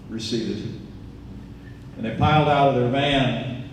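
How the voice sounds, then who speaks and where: A man's voice: medium pitch, fairly even intonation, unhurried, long pauses, darkish tone, a little hiss or hum. A man in his sixties from Indiana giving a campaign speech, telling earnest stories with folksy asides. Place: event venue, large indoor room. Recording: echoey hall, distant mic.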